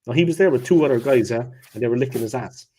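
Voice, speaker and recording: A man, co-hosting a casual football chat and telling lively stories, often checking in with "yeah?". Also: mid-range voice, fast talker, slightly rough. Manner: animated anecdote teller, checks in with "yeah?". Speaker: co-host.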